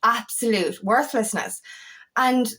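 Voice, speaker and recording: A woman's voice: on the high side, slow pace, fairly bright tone. A woman in her thirties or older, an empowerment coach, talking in a raw, earnest and emotional way, swearing freely and repeating words as she shares her own story. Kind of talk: personal vlog talk.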